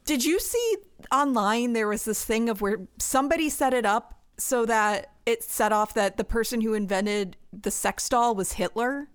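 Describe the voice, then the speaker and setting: A woman's voice: a little high, moderate pace, smooth. A woman in casual conversation adding dry, sarcastic asides. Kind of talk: casual chat.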